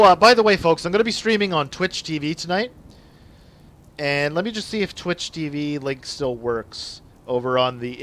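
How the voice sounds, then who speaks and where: A young Canadian man streaming gameplay live, chatting excitedly with viewers and apologizing a lot. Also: fairly high pitch.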